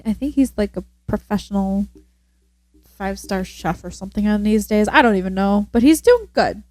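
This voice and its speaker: A young woman co-hosting a podcast, telling stories in relaxed, matter-of-fact casual chat. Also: medium pitch, normal speed, no echo. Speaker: podcast co-host.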